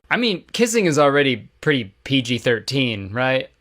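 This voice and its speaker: Sarcastic, animated male commentator. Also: mid-range voice, normal speed, few pauses, faint music behind. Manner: sarcastic, profane, incredulous. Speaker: video commentator. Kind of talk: comedic video commentary.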